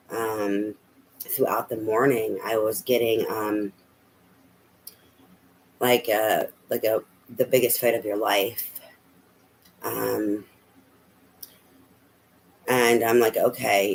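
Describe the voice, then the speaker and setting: A man's voice: on the low side, slight background noise, low-quality recording. A man giving a casual spoken tarot reading, rambling and hesitant with many fillers. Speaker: tarot reader.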